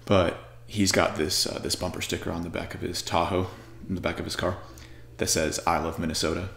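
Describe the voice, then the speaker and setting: A man's voice: sits low, flat delivery, brisk, vocal fry, a bit bright, echoey room, a little hiss or hum. A man from Arizona talking in a rambling, joking casual monologue.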